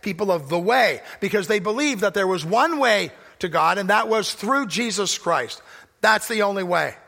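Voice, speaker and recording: A pastor preaching a sermon, with emphatic delivery that swings from loud declarations to hushed asides. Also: male voice, sits high, lively intonation, normal speed, gravelly. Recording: long hall reverb.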